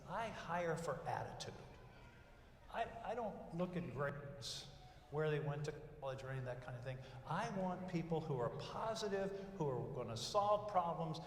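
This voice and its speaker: An older man gives a graduation speech in a folksy storytelling manner, working through numbered advice. His voice sits high and comes through a reverberant hall. The mic is some distance away, with faint background noise. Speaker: commencement speaker. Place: large hall at a graduation ceremony. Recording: echoey hall from far off.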